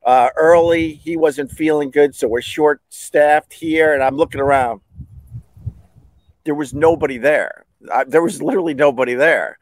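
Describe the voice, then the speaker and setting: A man's voice: on the high side, moderate pace, no room sound. A middle-aged man hosting a podcast, telling a rambling, self-mocking story in casual talk and acting out the dialogue. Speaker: podcast host.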